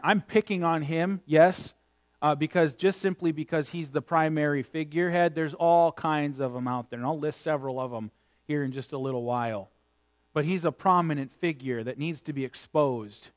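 Male preacher, high-pitched, critical sermon delivery that builds in emphasis.

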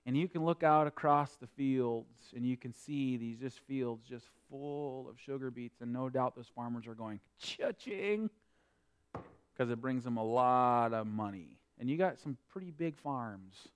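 A man preaching a sermon, swinging between quiet explanation and loud emphatic preaching. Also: mid-range voice, moderate pace, few pauses, smooth. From North Dakota. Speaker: pastor.

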